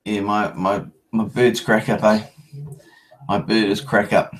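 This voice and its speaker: A man's voice: fairly low pitch, little pitch movement, a little slow, low-quality recording. A man with a New Zealand accent chatting casually on a live stream from home, laid-back and slangy, often restarting his sentences.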